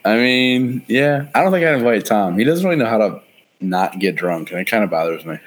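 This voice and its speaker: A man's voice: lowish voice, animated, fairly quick. A man in his thirties in casual chat, rambling through stories, laughing often and swearing. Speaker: friend chatting.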